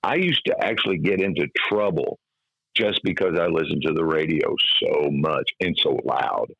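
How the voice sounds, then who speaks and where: A man's voice: rumbling low, moderate pace, creaky, fairly bright tone, dry recording, lo-fi sound. A middle-aged man from Kentucky with a trained radio voice, telling stories casually in an interview. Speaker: guest, comic hypnotist and former radio DJ.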